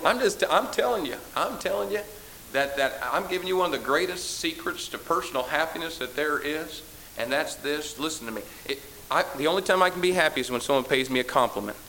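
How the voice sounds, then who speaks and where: A man's voice: fairly high pitch, animated, a little fast, pushed and bright, slight background noise, low-quality recording. A male pastor preaching a sermon to a church congregation. He sounds tired, drives points home by repeating phrases, and has a teasing, sarcastic edge.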